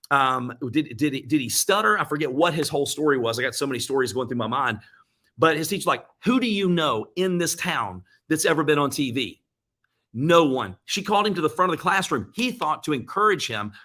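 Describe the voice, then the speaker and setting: A man giving an earnest motivational talk, retelling comeback stories with quick bursts and frequent restarts. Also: on the high side, sharp tone. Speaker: motivational speaker.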